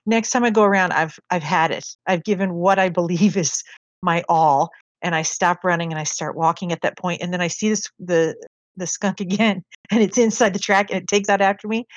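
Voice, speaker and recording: A woman co-hosting a casual podcast chat, telling a story softly and swearing casually. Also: fairly low pitch, steady tone, brisk, no echo, highs cut off. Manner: soft-spoken, swears casually. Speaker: podcast co-host.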